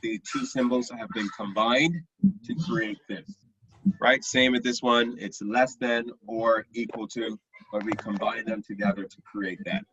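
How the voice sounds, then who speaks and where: A man's voice: lowish voice, fairly even intonation, measured pace, fairly bright tone, breathy edge. A young man teaching a math lesson online, often checking that his students follow. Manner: patient, checks understanding often. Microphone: computer mic on a video call. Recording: dull, lo-fi video call audio.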